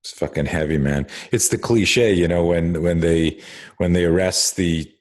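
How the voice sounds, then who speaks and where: A man's voice: low voice, moderate pace. A man hosting a casual conversation, telling rambling stories full of restarts, fillers and swearing. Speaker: host.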